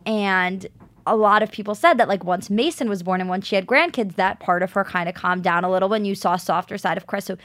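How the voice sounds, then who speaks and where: A woman's voice: mid-range voice, fairly even intonation, brisk, fairly bright tone, no echo. A woman co-hosting a podcast, chatting candidly and swearing as she recaps a show. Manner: candid, swears, chimes in with agreement. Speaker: podcast co-host. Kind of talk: casual chat.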